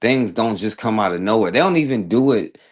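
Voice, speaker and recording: A man's voice: fairly low pitch, lively intonation, a little fast. A man hosting a talk radio show, giving blunt, emphatic commentary with a sarcastic edge.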